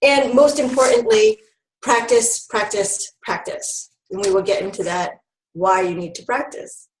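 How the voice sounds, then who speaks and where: A woman's voice: fairly high pitch, expressive, moderate pace, reverberant, slight background noise, low-quality recording. A woman giving an online training talk to new health educators, upbeat and instructive, with frequent ums.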